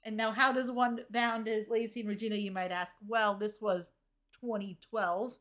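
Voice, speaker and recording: A woman's voice: medium pitch, fairly even intonation, normal speed, a bit bright. A woman co-hosting a podcast who chats casually and tells a story, hedging with fillers. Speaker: podcast co-host. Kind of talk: casual chat.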